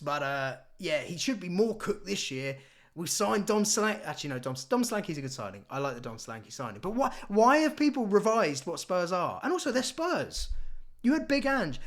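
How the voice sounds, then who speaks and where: Brief: young male vlogger, sarcastic and animated, lively fairly high voice. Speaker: football YouTuber. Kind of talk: casual opinion vlog.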